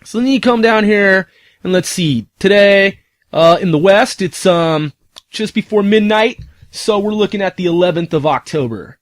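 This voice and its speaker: A man with a high-pitched voice rants casually and profanely, peppering his talk with rhetorical questions. The sound is dry and close, with no room echo. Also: normal speed. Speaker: commentator. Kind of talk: casual ranting commentary.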